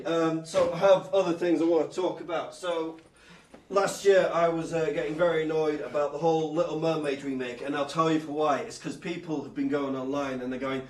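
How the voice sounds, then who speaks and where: A man doing a stand-up comedy set on a club stage, with a loud, punchy delivery that breaks into laughs. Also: fairly high pitch, echoey room, recorded from a distance, low-quality recording.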